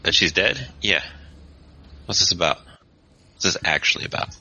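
A man's voice: low-pitched, lively intonation, normal speed, pushed and bright, breathy edge, heavily acted. A man voicing a wary, guarded young man who answers in curt, defensive questions. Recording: dull lo-fi podcast audio.

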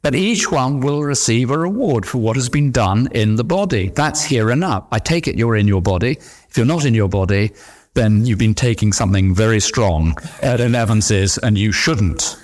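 Animated preacher. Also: male voice, medium pitch, moderate pace. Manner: animated, emphatic preaching with repeated refrains. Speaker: pastor. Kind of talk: sermon.

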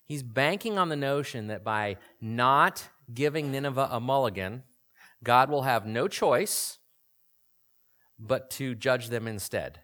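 A man in his forties delivers a sermon in an easygoing, conversational way. He keeps turning to the audience with questions, and his voice sits at an ordinary middle pitch. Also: lively intonation, measured pace, a bit bright. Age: 40s. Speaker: pastor.

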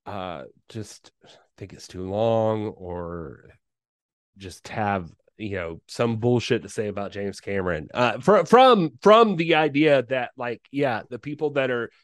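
A man's voice: on the low side, clear, resonant tone, no room sound, clean studio sound. A man co-hosting a podcast, talking in a rambling, hesitant way with casual swearing. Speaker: podcast co-host. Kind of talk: casual film chat.

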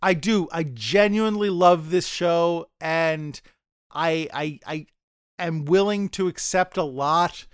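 A man's voice: a little high, slow, smooth, dry recording, clean studio sound. A man co-hosting a casual podcast discussion, rambling and often stammering as he restarts his sentences. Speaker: podcast co-host.

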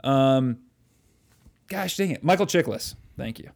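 A man's voice: mid-range voice, expressive, unhurried, creaky, darkish tone. A man co-hosting a casual podcast, rambling, swearing often and trailing off while hunting for names. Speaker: podcast co-host. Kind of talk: casual chat.

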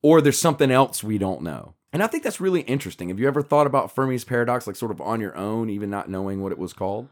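A man's voice: fairly low pitch, lively intonation, fast, few pauses. A man co-hosting a podcast, explaining a book's ideas in a rambling casual chat with many fillers and restarts. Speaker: podcast co-host.

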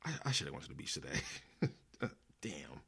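A man's voice: rumbling low, big pitch swings, a little fast, vocal fry, a bit bright, husky. A man hosting a casual commentary show, ranting angrily with lots of swearing, slang and restarts. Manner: angry, profane, rambling with restarts and slang. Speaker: podcast host.

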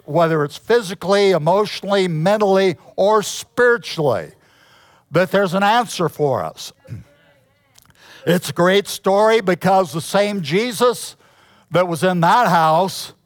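Male pastor preaching; unhurried, deliberate, clears his throat often; dry close sound. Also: high voice, no room sound. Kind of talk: sermon.

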